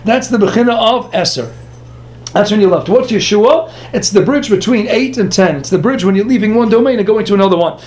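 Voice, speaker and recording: High-voiced man giving a Talmud lecture. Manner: animated, rhetorical questions, quick asides. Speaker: Torah teacher.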